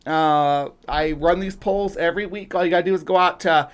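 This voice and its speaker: A man's voice: on the high side, fairly quick, smooth. A man hosting a casual livestream, rambling with lots of fillers and restarts. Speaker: host.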